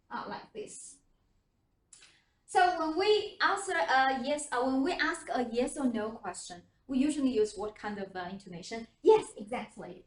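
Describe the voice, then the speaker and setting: A woman English teacher with a high-sitting voice teaches a class, asking question after question and demonstrating intonation. She's recorded from far off in an echoey room, with a little hiss or hum.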